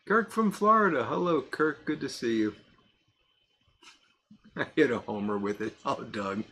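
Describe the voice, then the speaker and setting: A man's voice: mid-range voice, a little slow, bright, forceful tone, slightly rough. A man hosting a casual live stream, reading out viewer comments, chuckling often and rambling a little. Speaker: host of a live pipe-smoking stream.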